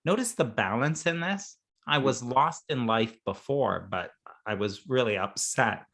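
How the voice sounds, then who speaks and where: A man's voice: mid-range voice, unhurried, fairly bright tone. A man, a coach and interview guest, talking through ideas in a playful, conversational way and laughing often. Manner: playful, laughs often, acts out little scenes.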